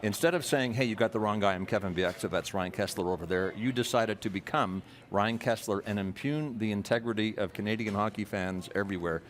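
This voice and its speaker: A man's voice: lowish voice, brisk, few pauses. A man hosting a TV sports interview, teasing his guest in a dry, mock-pompous way. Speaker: host. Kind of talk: TV sports talk-show interview. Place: arena broadcast set.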